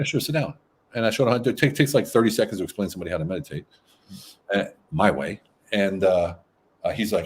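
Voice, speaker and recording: A man, a guest in a casual conversation, telling stories in a lively, blunt and profane way. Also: mid-range voice. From United States.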